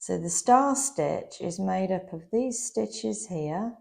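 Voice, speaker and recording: With a medium-pitched, creaky voice that has lively intonation and a darkish tone, a woman patiently leads a slow, step-by-step crochet tutorial. She sounds slightly worn, like she's losing her voice a little.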